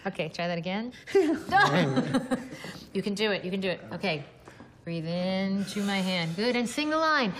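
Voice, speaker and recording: A woman's voice: medium pitch, brisk, noisy background. A woman leading a group singing lesson as vocal coach, upbeat and encouraging and often breaking into laughter.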